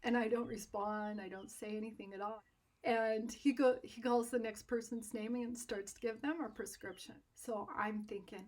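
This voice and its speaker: A woman telling a personal story in an animated, self-deprecating way, laughing often. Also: on the high side, unhurried. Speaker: art instructor.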